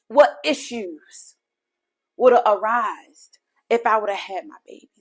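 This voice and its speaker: A woman podcast host telling a personal faith testimony in an earnest, heartfelt way, speaking directly to her listeners. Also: fairly high pitch.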